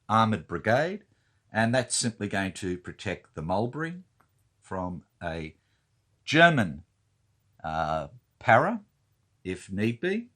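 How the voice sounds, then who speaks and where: A man's voice: fairly low pitch, a bit bright. A man talking through his turn in a board wargame, thinking aloud and counting units with many fillers. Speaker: wargame player. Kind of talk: casual talk-through of a board game turn.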